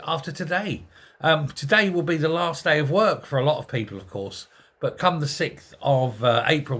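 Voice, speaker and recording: A man's voice: mid-range voice, a bit bright. A man hosting a sarcastic, exasperated political commentary monologue full of rhetorical questions. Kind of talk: ranting monologue.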